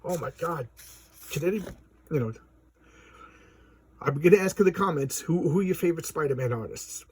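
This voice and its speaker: A man's voice: on the high side, expressive, a little fast, pauses often, darkish tone, slightly rough, no echo. A man chatting casually as a comic book reviewer, rambling with lots of fillers and restarts. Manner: rambling, filler-heavy, enthusiastic. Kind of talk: casual chat. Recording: distant mic.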